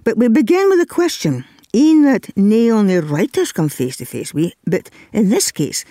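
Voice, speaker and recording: A man's voice: high voice, big pitch swings, normal speed, mellow, no echo, clean studio sound. A man with a Northeast Scots accent presenting a radio arts show and interviewing, with a lilting storytelling delivery. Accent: Northeast Scots (Doric).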